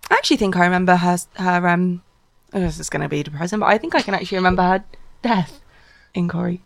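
A woman's voice: lowish voice, fast talker, gravelly. A woman co-hosting a local radio show, chatting animatedly. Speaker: radio co-host. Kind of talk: casual radio chat.

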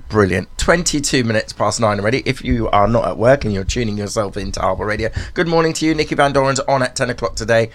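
A man's voice: medium pitch, fast, hardly any pauses. A man presenting a morning radio show, chatting and joking with his co-hosts in the studio. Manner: chatty, jokey, animated. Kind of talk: casual studio chat. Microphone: studio microphone.

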